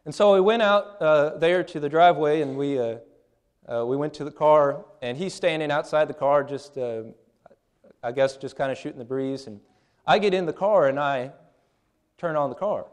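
A man in his thirties delivers a sermon with earnest conviction. His voice sits a little high for a man. He speaks plainly and often restarts phrases mid-thought. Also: moderate pace, clean tone. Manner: earnest, plain-spoken, with frequent restarts and fillers. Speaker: preacher.

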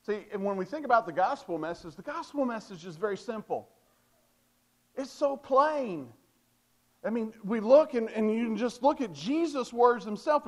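A man preaching a sermon with a slightly raised pitch. He presses his points through repetition and rhetorical questions, and his delivery is emphatic.

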